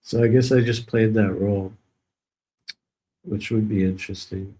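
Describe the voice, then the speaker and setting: Brief: low-pitched man, rambling joking live stream host, dry sarcasm. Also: fairly even intonation, moderate pace, mellow, slight background noise, poor audio. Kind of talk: casual live stream chat.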